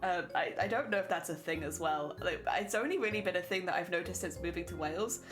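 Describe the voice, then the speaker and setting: A woman's voice: fairly low pitch, quick pace, over music. A young woman streaming, chatting casually and laughing often while she reads chat.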